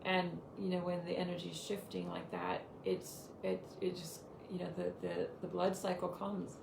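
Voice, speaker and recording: A woman with a gravelly, creaky voice gives casual spiritual teaching and leads affirmations. She speaks in an echoey room with clear background noise. Her talk is loose and full of "you know" fillers. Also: on the low side, normal speed. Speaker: spiritual teacher hosting the episode.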